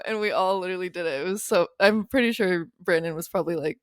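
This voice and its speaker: A woman's voice: on the low side, fast talker, hardly any pauses, dry recording, studio quality. A young woman co-hosting a casual podcast, chatting in an upbeat way. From Arizona, US. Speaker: podcast co-host. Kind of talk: casual chat.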